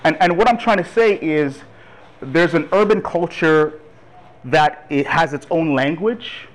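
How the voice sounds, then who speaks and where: A man in his thirties from Toronto gives a lively, chatty church talk on urban ministry and laughs along with the congregation. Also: a little high, unhurried, poor audio. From Toronto, Canada. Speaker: guest speaker on urban ministry.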